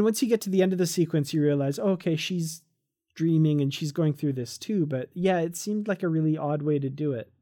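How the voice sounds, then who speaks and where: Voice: mid-range voice, mellow. A podcast co-host in casual, enthusiastic chat, recapping a comic and laughing often.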